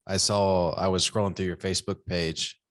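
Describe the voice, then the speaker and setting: A Texan man hosting a casual interview, his voice very low and relaxed. He talks loosely and warmly to his guest, calling him brother. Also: moderate pace, no echo, clean studio sound. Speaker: podcast host.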